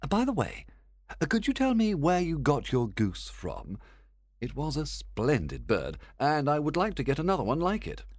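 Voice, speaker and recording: A man voicing a calm, clever male detective who explains things precisely, in a storybook reading. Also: a little high, dry recording, studio quality, voice pushed up. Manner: measured, explaining.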